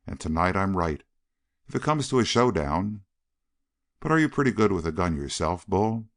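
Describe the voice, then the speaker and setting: A man reading as a small, aging frontier gunfighter with a deep voice. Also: very animated, normal speed, heavily acted. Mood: earnest. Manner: folksy frontier drawl, gentle and pleading. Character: small, aging, soft-spoken male gunfighter. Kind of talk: audiobook character reading.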